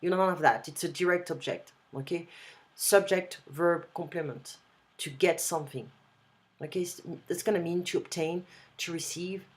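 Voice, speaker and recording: Low-voiced tutor woman with a French accent. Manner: casual, explains slowly with repeated examples. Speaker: language tutor. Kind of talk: one-on-one online lesson.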